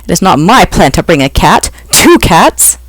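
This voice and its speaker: A reader voicing an indignant, excitable male pixie who shouts in stiff, formal phrasing. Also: mid-range voice, normal speed, no room sound. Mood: outraged shouting. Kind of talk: audiobook reading.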